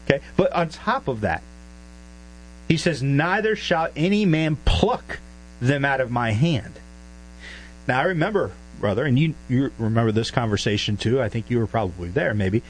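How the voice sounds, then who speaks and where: A man's voice: medium pitch, expressive, moderate pace, low-quality recording. A man preaching a verse-by-verse sermon, stressing key words and putting questions to his listeners. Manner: emphatic, asks the listeners questions. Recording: faint mains hum.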